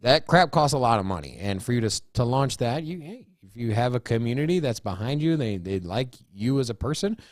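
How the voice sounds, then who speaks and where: A man's voice: mid-range voice, lively intonation, brisk, hardly any pauses, no echo, studio quality. A man co-hosting a casual crypto show, rambling through his points with many restarts and "you know"s. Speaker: co-host. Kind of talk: casual chat.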